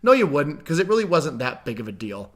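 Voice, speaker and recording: A man's voice: fairly high pitch, very animated, fairly quick, fairly bright tone. A man giving reaction commentary on a debate clip, conversational and emphatic, full of rhetorical questions.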